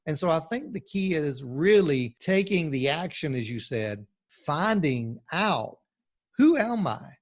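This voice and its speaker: A man's voice: a little high, sing-song, unhurried. Man pastor on a podcast, emphatic preachy talk, keeps restarting his sentences. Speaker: pastor and guest. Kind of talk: podcast interview.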